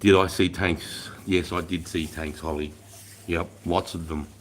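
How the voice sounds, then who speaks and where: A middle-aged Australian man, an army veteran, chatting on a livestream and telling stories in an animated, profane way. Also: low voice, unhurried, a little hiss or hum. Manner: profane, animated storytelling, swears constantly. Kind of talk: casual livestream chat.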